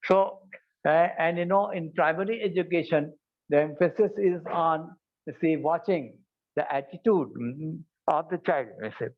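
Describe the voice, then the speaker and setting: A man giving a formal conference speech, halting and self-correcting, often saying "you see". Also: a little high. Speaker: conference speaker. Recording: tinny phone-like sound.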